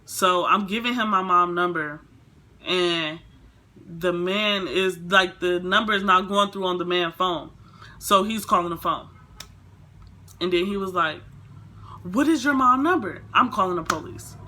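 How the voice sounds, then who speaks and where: A woman's voice: fairly low pitch, measured pace. A young woman vlogger telling a storytime in a casual, rambling way, full of fillers. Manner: rambling, filler-heavy, animated retelling.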